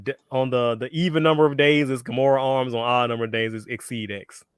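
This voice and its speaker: A man's voice: medium pitch, fairly even intonation, fast talker, clean tone, dry recording, studio quality. A man co-hosting a podcast in casual chat, throwing in playful, teasing quips. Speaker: podcast co-host.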